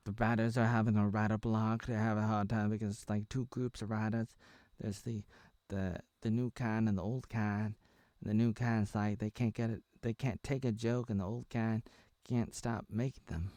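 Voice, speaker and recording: A man's voice: lowish voice, steady tone, moderate pace, darkish tone, no echo. A man in his thirties casually recapping a sitcom episode, rambling with lots of fillers. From United States (Oregon). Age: 30s. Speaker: show reviewer.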